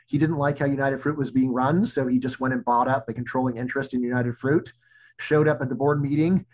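A middle-aged man, an economist guest, talking casually in an interview with many restarts and fillers. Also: medium pitch.

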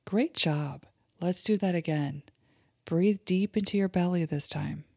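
Soft-spoken woman guiding kids' relaxation. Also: lowish voice, measured pace, creaky, breathy edge, no room sound, clean studio sound. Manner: gentle, soothing, drops into soft whispers. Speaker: host and mother leading guided relaxation for kids. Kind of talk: guided imagery for children.

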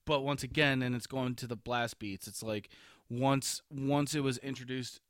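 A man's voice: medium pitch, steady tone, moderate pace, a bit bright, no room sound, studio quality. A man co-hosting a casual podcast about metal albums, rambling and restarting his sentences. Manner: rambling, restarts often, loose and profane. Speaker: podcast co-host.

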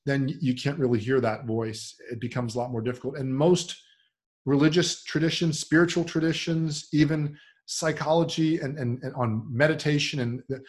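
A middle-aged man talks through his ideas in a casual, thoughtful interview. His voice sits in an ordinary middle register, and he shifts into animated voices when he acts out friends or his own inner thoughts. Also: medium pitch, normal speed. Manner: reflective, animated when quoting others. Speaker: podcast guest.

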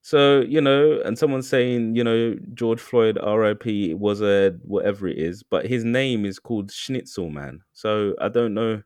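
A young man from co-hosting a casual podcast chat, animated and laughing often as he mimics other voices. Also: on the low side, measured pace, few pauses, dry recording. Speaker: podcast co-host.

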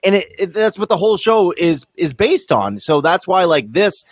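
A man hosting a podcast, sleep-deprived, talking in an animated, jokey way with plenty of swearing. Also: high voice, moderate pace, slightly rough, no echo, studio quality. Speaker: podcast host. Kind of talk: casual chat.

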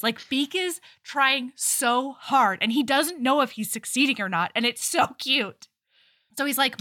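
A young adult woman co-hosting a podcast, retelling a novel's scenes in a casual, animated way with goofy voices for the characters. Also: on the high side, a little slow, no echo, clean studio sound. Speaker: podcast co-host. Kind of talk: casual book-club chat.

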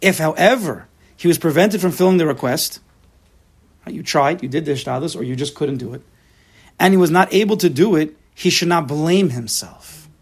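A man with a husky, fairly high voice gives a Torah class lecture at a moderate pace, explaining a text to his students. He is emphatic and often acts out imagined inner voices.

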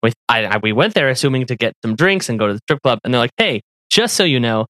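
Animated man telling a story. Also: medium pitch, racing, dry recording, clean studio sound. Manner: animated storyteller, laughs often, acts out quotes. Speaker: podcast co-host. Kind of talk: casual storytelling chat.

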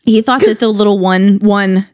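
Woman podcast co-host, chatty storyteller, dry close sound, mid-pitched. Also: normal speed, no echo. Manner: animated storyteller, quotes people in their voices. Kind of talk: casual chat.

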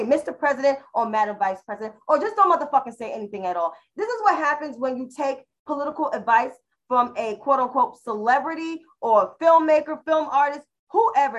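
A woman with a New York accent holding forth on a panel show. Her voice sits a little high, and she talks in a fiery, profane, mocking way, calling people out with relish. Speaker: podcast co-host. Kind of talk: heated casual panel chat.

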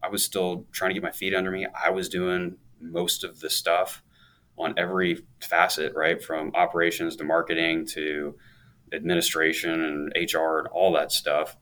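A man's voice: low-pitched, little pitch movement, moderate pace, pushed and bright. A man in his thirties, a guest on an interview show, telling his story in an upbeat, chatty way with a laugh now and then. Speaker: guest, law firm owner.

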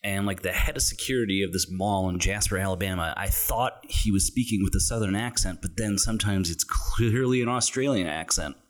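A man's voice: on the low side, brisk, hardly any pauses. A man co-hosting a movie podcast, speaking in a laid-back, hesitant and wry way. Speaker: podcast co-host. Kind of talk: casual movie-review chat.

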